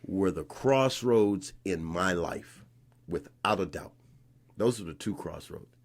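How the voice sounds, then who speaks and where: A man in his sixties from North Carolina, a guest in a conversation, telling a story in an animated way and re-enacting scenes with rising emphasis. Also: low voice, slow pace. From North Carolina, USA. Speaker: interview guest.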